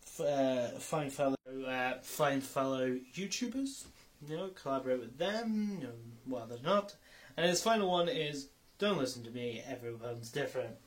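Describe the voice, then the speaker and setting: A young man rambling through a casual vlog, often stopping to correct himself and swearing now and then. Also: medium pitch. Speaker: YouTuber.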